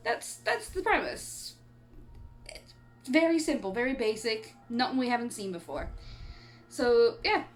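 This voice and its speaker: A woman's voice: a little high, sing-song, a little slow, long pauses, faint music behind. A woman from Canada chatting casually in a horror movie review vlog, rambling and laughing often, and she has the hiccups. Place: home on an island in eastern Canada.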